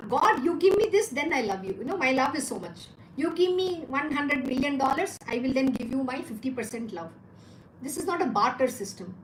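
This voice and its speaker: A woman's voice: sits high, a bit bright, a little hiss or hum. Emphatic woman teaching devotion, echoey room. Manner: emphatic, repeats points, asks rhetorical questions. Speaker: spiritual teacher.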